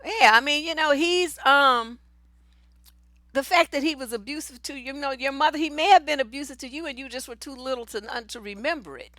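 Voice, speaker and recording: A woman's voice: high voice, fairly quick, sharp tone, no echo. A woman hosting a relationship advice livestream, giving blunt, profane, emphatic answers. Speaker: relationship coach and host.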